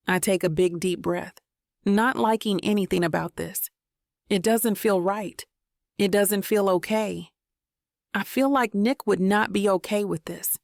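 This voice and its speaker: A woman's voice: medium pitch, measured pace, gravelly, a little mellow, no echo, clean studio sound. A woman narrating a first-person romance audiobook in an intimate, reflective manner.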